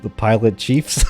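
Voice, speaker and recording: A male streamer talks his audience through a strategy game in a relaxed, rambling way, with lots of restarts and easy laughs. His voice sits mid-range with a mellow, dark-leaning tone, and a faint bit of music plays underneath. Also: mid-range voice. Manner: rambling, chatty, laughs often. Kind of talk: live game-stream commentary.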